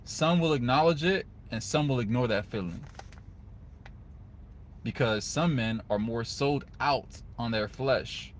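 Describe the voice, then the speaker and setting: An earnest young man speaking to camera, at a middle pitch and with a casual, heartfelt way of talking. He keeps checking in with his listeners. A faint hum of background noise sits under his voice. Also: measured pace. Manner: earnest, conversational, repeats "guys" and "right?". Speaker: video host giving advice to men. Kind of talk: casual motivational talk to camera.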